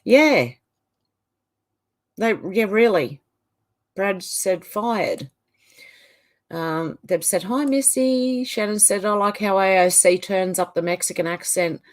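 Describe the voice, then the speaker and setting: A woman's voice: mid-range voice, lively intonation, slow, pauses often. A middle-aged woman with an Australian accent hosting a livestream, chatting casually as she reads out viewer comments and often trails off mid-sentence. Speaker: livestream host. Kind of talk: casual chat reading out live comments.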